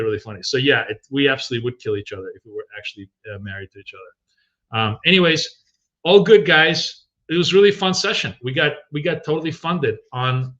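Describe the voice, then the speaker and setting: A man's voice: mid-range voice, sharp tone, muffled recording. A middle-aged man hosting a live trading stream, chatting casually and rambling with many ums and restarts.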